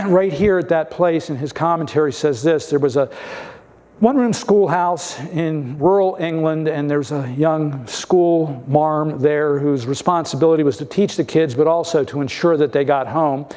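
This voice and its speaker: Brief: male pastor, somewhat high voice, storytelling sermon with light humor. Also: normal speed. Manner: storytelling preacher with gentle humor.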